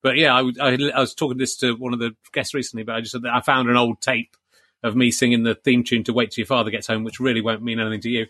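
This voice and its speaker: A man's voice: medium pitch, little pitch movement, quick pace, pushed and bright, dry recording, clean studio sound. A man from Yorkshire hosting a comedy podcast, with faint traces of a Yorkshire accent, chuckling and self-deprecating in casual chat. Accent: English, faint Yorkshire traces. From Yorkshire, England. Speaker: podcast host.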